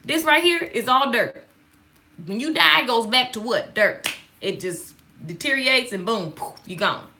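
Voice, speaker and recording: A woman giving a casual devotional talk, sassy and animated, calling out to listeners. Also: a little high, normal speed, slight background noise. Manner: sassy, animated, call-and-response.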